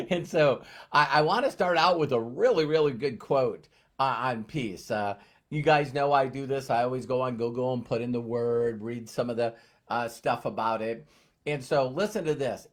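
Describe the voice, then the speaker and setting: A man's voice: mid-range voice, measured pace. Chatty male live-stream host. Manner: chatty, greets viewers by name. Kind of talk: casual live-stream talk. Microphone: phone.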